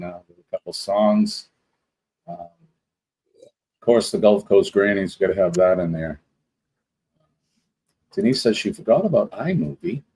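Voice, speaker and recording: A man's voice: fairly low pitch, a little mellow, slightly rough, poor audio. A man hosting a casual live stream, greeting viewers one by one in a rambling, chatty way. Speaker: livestream host.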